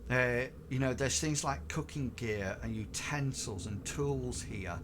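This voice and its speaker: Slow, halting game master with steady noise behind. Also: male voice, mid-range voice. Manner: hesitant, full of ums and restarts. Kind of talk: narrating a tabletop game on a live stream.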